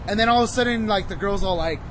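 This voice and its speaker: Man, twenties, podcast co-host, rambling profane chat, fairly high voice, wind noise with clipping. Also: quick pace. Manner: rambling, profane, lots of "you know" fillers. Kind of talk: casual chat, show recommendation. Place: outdoors near traffic.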